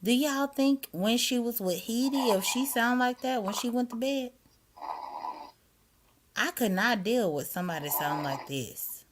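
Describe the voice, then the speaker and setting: A woman vlogging on her phone at night, talking to her viewers in a chatty, incredulous way, sometimes dropping to a hush. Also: on the high side, expressive, a little slow. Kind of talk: casual commentary to viewers. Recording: noisy phone recording, snoring behind.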